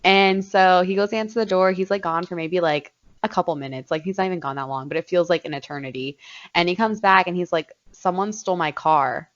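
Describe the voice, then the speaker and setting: A woman's voice: fairly low pitch, fast. A young woman co-hosting a podcast, telling a story in casual, profane chat and laughing often. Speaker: podcast co-host. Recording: dull lo-fi podcast audio.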